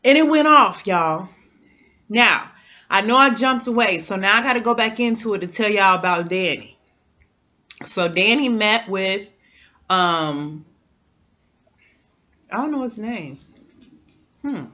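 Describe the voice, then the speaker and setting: Animated woman with a bright voice. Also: mid-range voice, unhurried, pauses often. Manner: animated, talks straight to viewers, repeats words. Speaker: TV recap vlogger. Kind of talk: casual chatty TV recap.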